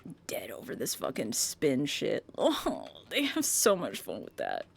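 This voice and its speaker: A woman hosting a casual reaction video, gushing excitedly and swearing freely. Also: rumbling low, unhurried, vocal fry, slightly rough.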